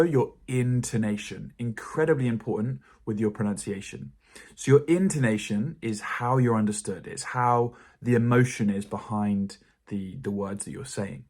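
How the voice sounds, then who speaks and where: A man with a British RP accent teaching a pronunciation lesson in a calm, encouraging way. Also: mid-range voice, slightly rough. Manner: calm, encouraging explanation to learners. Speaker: English teacher.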